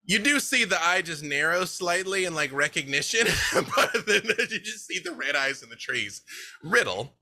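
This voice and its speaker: A man narrating a tabletop game as dungeon master, animated and often laughing. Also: a little high. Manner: animated, laughing, quick asides.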